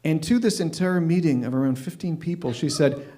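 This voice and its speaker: A man in his fifties telling a story at an open mic, wry and deadpan, often restarting his sentences. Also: a little high, a little fast, few pauses. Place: stage at an open mic night.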